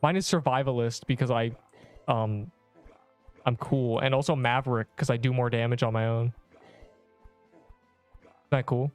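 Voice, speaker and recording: A man's voice: medium pitch, steady tone, normal speed, pauses often, clean tone, faint music behind. A man in his twenties livestreaming a game, chatting casually and rambling as he reads chat messages aloud.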